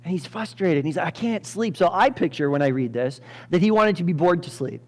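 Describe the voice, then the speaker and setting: A male pastor telling a Bible story in a lively sermon, acting out the characters with sudden loud bursts and frequent laughter. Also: on the high side, a little fast. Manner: animated, acts out characters with sudden loud jumps, laughs often. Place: church.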